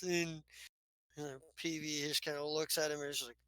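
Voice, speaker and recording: Halting bright-voiced game master. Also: medium pitch, steady tone, clear, resonant tone, no room sound. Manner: halting narration full of restarts and fillers. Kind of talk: narrating a tabletop game.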